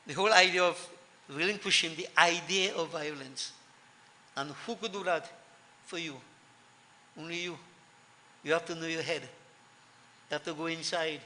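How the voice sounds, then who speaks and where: A man's voice: on the high side, bright, forceful tone. A man giving a sermon to devotees, earnest, repeating key lines for emphasis. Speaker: preacher. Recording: long hall reverb.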